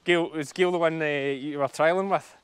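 A man's voice: fairly high pitch, steady tone, normal speed. A Scottish man, a sheep farmer, chatting casually and explaining as he works outdoors on his farm. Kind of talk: casual vlog narration while working.

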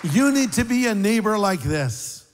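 A pastor delivers a sermon in a loose, joking, conversational way, his somewhat high voice jumping up for emphasis. The sound carries a long reverb from a large hall. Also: measured pace, a faint crowd, a little hiss or hum. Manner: conversational, joking preacher with lively pitch swings.

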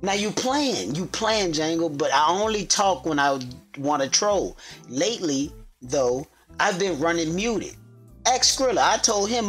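Guy joking around on a podcast, bouncy animated voice, soft music underneath. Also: a little high, unhurried. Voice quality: voice others compare to a famous comedian's. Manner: playful trash talk, animated and joking. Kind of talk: casual podcast banter.

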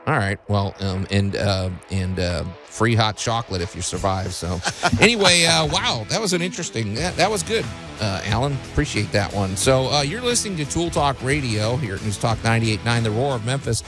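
A man's voice: medium pitch, lively intonation, normal speed, few pauses, over music. A man hosting a casual radio talk show, rambling with many fillers and restarts.

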